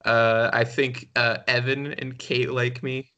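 A man's voice: medium pitch, little pitch movement, slow, pushed and bright, dull audio. A man co-hosting a podcast in casual chat, rambling, self-deprecating and laughing often. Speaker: podcast co-host.

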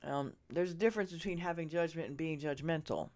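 A woman hosting a podcast, ranting straight at her listeners, swearing freely and swinging from loud outbursts to hushed asides. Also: low-pitched, fast talker. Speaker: podcast host. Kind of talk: ranting opinion monologue. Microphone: earbud listeners, close mic.

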